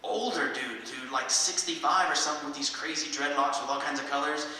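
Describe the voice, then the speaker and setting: A man's voice: on the high side, a little fast. A man telling profane, jokey stories from the stage and answering audience questions. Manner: animated, jokey, swearing. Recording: echoey hall from far off, faint noise.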